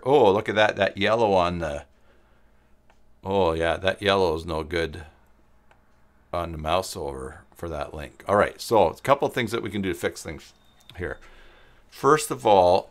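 A man with a fairly low voice hosts a live-stream tutorial, talking through each step as he works. He answers viewers in the chat as he goes. His speech is halting, with pauses and fillers between thoughts. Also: a bit bright. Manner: thinks aloud while working, replies to chat viewers. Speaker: tutorial host. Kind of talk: live-stream screen-share web design tutorial.

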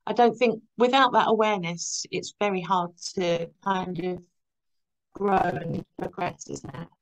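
A woman hosting a podcast, chatting casually and warmly agreeing with her guest, often ending points with "isn't it?". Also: fairly low pitch, fairly even intonation, unhurried, rough recording. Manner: warm, agreeing, ends points with tag questions. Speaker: podcast host. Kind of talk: casual conversation.

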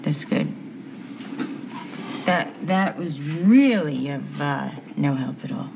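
An actress playing an earnest, confused housewife in a 1970s TV soap, speaking in a hesitant, stammering way. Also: female voice, low voice, expressive, slow pace, vocal fry, noisy background, full character voice.

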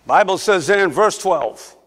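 A man's voice: sits high, expressive, unhurried. A middle-aged man preaching a sermon in church, calling for amens and climbing to emphatic peaks. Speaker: pastor. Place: church sanctuary.

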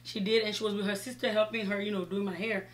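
A woman beauty vlogger chatting casually while doing her makeup, retelling a story with lively quoted dialogue. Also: medium pitch, fast talker.

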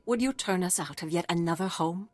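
A woman's voice: fairly low pitch, a little fast, faint music behind, lightly acted. An actress voicing a proud, solemn woman who leads war refugees in a video game. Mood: defiant.

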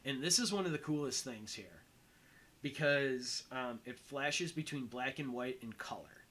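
A man's voice: mid-range voice, unhurried, fairly bright tone, poor audio. A young man giving casual movie commentary as host, rambling and full of "um" and "like.". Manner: rambling, heavy on fillers like "um" and "like".

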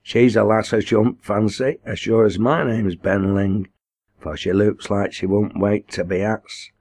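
A man's voice: lowish voice, fairly even intonation, a little slow, a little mellow. A man voicing a sly, white-haired old village man who takes snuff, speaking a drawling dialect in a raised voice. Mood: wry. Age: older.

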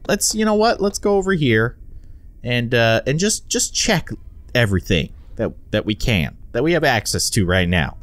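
A young man narrates his gameplay in a playful, chatty way. His pitch bounces around a lot, and he often trips over and repeats his words. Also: fairly bright tone, no echo. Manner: playful, self-amused, chatty with repeated restarts. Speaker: gaming video host. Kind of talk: let's play commentary.

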